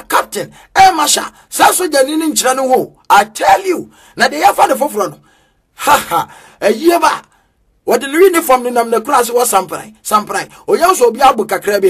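A man preaching an energetic street sermon, chanting in a sing-song way with bursts of shouting. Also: extremely high pitch, fairly quick, husky.

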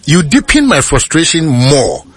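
A man's voice: on the high side, big pitch swings, measured pace, breathy edge, no room sound. A Ghanaian man hosting a radio talk show, arguing politics with passion and often cutting in to hold the floor. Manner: impassioned, repeatedly cuts in with "hold on". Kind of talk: heated political debate.

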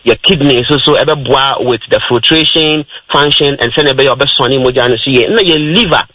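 Bright Ghanaian man explaining health on radio. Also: mid-range voice, normal speed, a little hiss or hum, poor audio. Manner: explains step by step, mixing in English terms. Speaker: health talk radio presenter. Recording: radio broadcast.

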